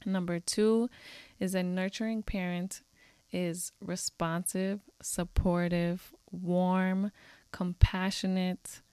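A woman's voice: fairly low pitch, level tone, takes it slowly, warm tone, smooth, no echo. A woman co-hosting a parenting podcast, talking in an earnest, candid and upbeat way. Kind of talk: casual podcast chat.

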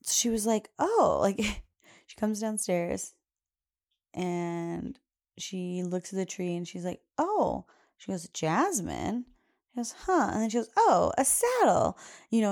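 A woman's voice: on the low side, warm tone. A young adult woman hosting a podcast, telling a casual story and quoting her little daughter in a raised voice. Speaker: podcast host.

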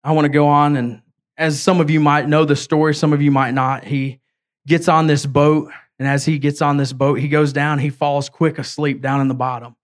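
A man preaching a sermon as an evangelist, retelling a story in casual words and reading scripture aloud with halting slips. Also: fairly high pitch, little pitch movement. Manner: storytelling, voicing characters in a casual way.

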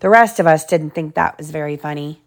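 In a low-pitched voice, a mother reads a children's picture book aloud at home. Her reading is slow and clear, with little remarks aside to her kids.

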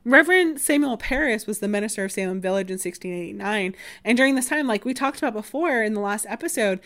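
A woman's voice: medium pitch, expressive, quick pace, a bit bright. Woman around 30, history podcast host, casual, filler-heavy delivery, wry asides. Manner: chatty, many fillers like "like" and "um". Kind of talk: casual explanatory history talk.

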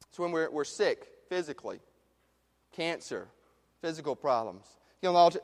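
High-voiced male pastor in a reverberant sanctuary. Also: normal speed. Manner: passionate, swinging from loud emphasis to hushed questions. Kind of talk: sermon. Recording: long reverb of a large hall.

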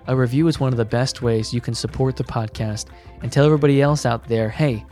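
A man hosting a podcast, narrating a story in a gentle, measured way. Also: mid-range voice, fairly even intonation, soft background music. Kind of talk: scripted narration.

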